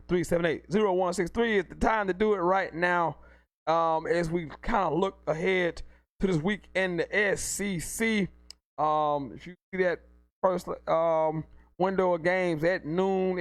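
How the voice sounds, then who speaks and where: Man, live sports call-in host, hype-man energy, slightly high voice. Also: dry recording. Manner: hyped, repetitive, self-promoting.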